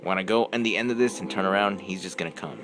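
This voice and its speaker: A man's voice: sits low, fast talker, over music. A young man commentating on a horror game he is playing, yelping at scares and muttering to himself in between. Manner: jumpy, yelps and screams at scares, mutters to himself. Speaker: gameplay commentator.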